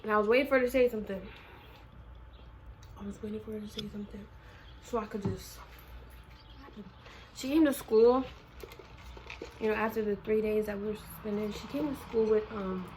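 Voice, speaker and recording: A woman vlogger telling a casual storytime in a slangy, animated way. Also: mid-range voice, normal speed, pauses often, noisy background.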